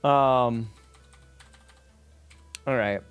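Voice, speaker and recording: A streamer codes a game and chats casually with his audience, rambling with many fillers, cursing offhandedly, and reading chat aloud. He speaks very slowly in a medium-pitched, clean voice. The sound is phone quality, with faint music behind him.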